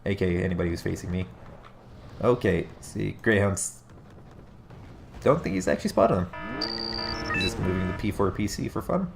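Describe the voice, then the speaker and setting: With music playing in the background, a man with a low voice and vocal fry casts a strategy game replay at a moderate pace, leaving long pauses. He's casual, congested and nasal from allergies, musing aloud and correcting himself along the way.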